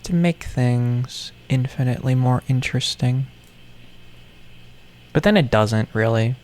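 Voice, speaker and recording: A man with an ordinary mid-range voice talks in a meandering vlog monologue. He jokes in a mock-villain way, repeats words, and drops into quiet mumbles. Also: mid-range voice, a little hiss or hum. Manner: playfully menacing, meandering, self-mocking villain talk. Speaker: toy vlogger.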